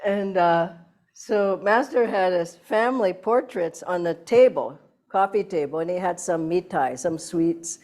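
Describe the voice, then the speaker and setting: An older woman, a spiritual teacher, gives an inspirational satsang talk in a lowish voice at a measured pace. She tells anecdotes with liveliness and laughs often.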